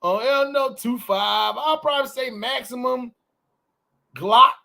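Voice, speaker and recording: A man with a high, bright voice co-hosts a casual morning podcast. He rants in a loose, profane way and swoops his pitch up and down when he mimics people. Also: unhurried, creaky. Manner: animated, profane, swings pitch wildly acting out quotes. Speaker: podcast co-host. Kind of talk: casual morning show banter.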